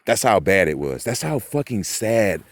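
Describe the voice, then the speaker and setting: A man's voice: on the low side, very animated, moderate pace, no echo. A man in a rambling, profane monologue to camera, agitated and full of fillers. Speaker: vlogger.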